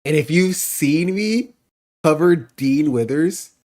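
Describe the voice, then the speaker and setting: A man's voice: on the high side, expressive, slow, a little mellow. A man hosting a stream, chatting casually with laughing asides. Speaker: streamer host.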